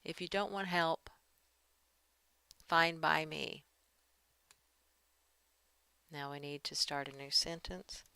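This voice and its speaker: A woman's voice: low voice, slow pace, creaky, long pauses, sharp tone, clean tone, no room sound. A woman giving a writing lesson, talking through edits as she works and reading draft passages aloud. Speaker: writing teacher. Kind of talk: screen-share editing lesson.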